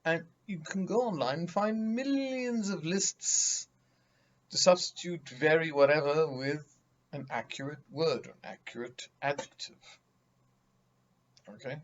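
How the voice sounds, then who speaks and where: A man's voice: a little high, unhurried, muffled recording, a little hiss or hum. A man giving a vocabulary lesson, speaking emphatically and theatrically, mocking vague words with acted examples. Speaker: teacher.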